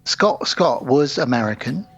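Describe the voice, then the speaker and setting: Male co-host, husky, chatty storyteller, lo-fi recording. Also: medium pitch, expressive, unhurried. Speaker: podcast co-host. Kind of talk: casual film chat.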